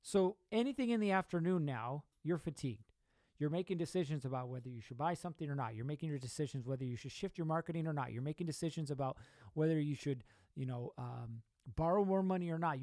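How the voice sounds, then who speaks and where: A man's voice: on the high side, a little mellow, no echo. A young man hosting a podcast, giving an emphatic motivational talk full of rhetorical questions and repeated points. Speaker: podcast host.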